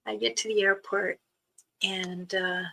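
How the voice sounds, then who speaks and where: A woman's voice: medium pitch, little pitch movement, unhurried, gravelly, bright, forceful tone, a little hiss or hum, poor audio. A woman hosting a casual livestream, chatting about a trip with frequent laughs and reading viewer comments aloud. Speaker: livestream host. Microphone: streaming setup.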